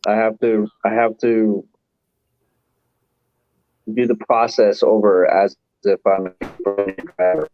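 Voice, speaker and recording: A man with a fairly low voice hosts a loose livestream chat, rambling from one thing to the next and chuckling along the way. The sound is dry, close and a little muffled, like dull stream audio. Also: fairly even intonation, slow, long pauses, no room sound, soft background music. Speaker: livestream host. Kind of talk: casual chat.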